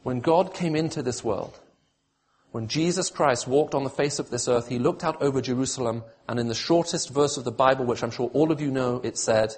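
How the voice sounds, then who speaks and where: A man's voice: medium pitch, moderate pace, husky. A man preaching a sermon, pleading with emotion when voicing God's appeals and turning to dry, self-mocking humour.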